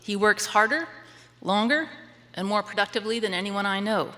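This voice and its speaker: A woman's voice: medium pitch, normal speed, pushed and bright. A woman reading a prepared, admiring introduction of a speaker at a lecture. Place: lecture hall. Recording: reverberant lecture hall.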